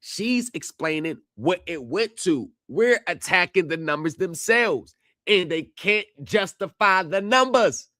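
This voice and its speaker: A man's voice: sits high, expressive, measured pace, no room sound, clean studio sound. Man ranting at court footage. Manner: heated, yells at the screen; addresses viewers directly. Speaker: streamer reacting to court footage. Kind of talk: live stream commentary.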